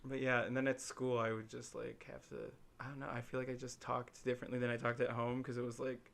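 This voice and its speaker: With a creaky, mid-range voice and a quick pace, a young man from Illinois co-hosts a laid-back podcast. His storytelling rambles and leans heavily on fillers, and he puts animated voices on the people he quotes.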